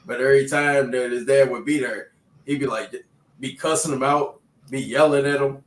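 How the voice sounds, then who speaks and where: A man in a casual scripture discussion, relaxed as he tells a story about someone he knew. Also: mid-range voice, normal speed. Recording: roomy echo.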